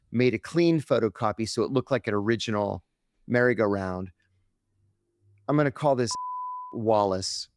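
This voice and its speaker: A man's voice: medium pitch, no echo, clean studio sound. A man telling a story as a podcast guest, dramatically acting out the voices he quotes. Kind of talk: animated storytelling.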